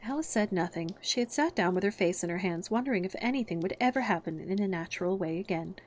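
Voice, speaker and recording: A woman reading a classic children's story aloud in a calm, gentle, measured bedtime style. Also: mid-range voice, a little hiss or hum.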